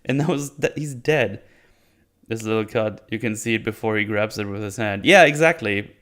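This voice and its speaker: A man's voice: on the low side, normal speed, fairly bright tone. A man giving casual spoken commentary as a reviewer, sarcastic and rambling, often breaking into laughter. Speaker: video reviewer.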